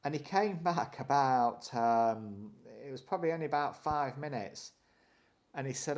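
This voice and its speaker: A man talks in a casual, rambling storytelling way, chuckling as he goes. His voice sits at an everyday middle pitch, neither deep nor high. He keeps the chat easygoing and chatty. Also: lively intonation, moderate pace, a little mellow. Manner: rambling anecdotes, chuckles often. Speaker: co-host of a live stream.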